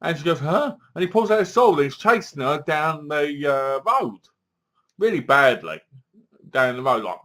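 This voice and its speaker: A man giving a casual, animated movie review, acting out lines from the film as he goes. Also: fairly high pitch, moderate pace.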